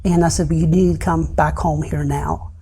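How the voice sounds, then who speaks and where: A middle-aged man giving a personal testimony in an interview, retelling events haltingly with many pauses and often dropping soft and low. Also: flat delivery, a little hiss or hum. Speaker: interview guest.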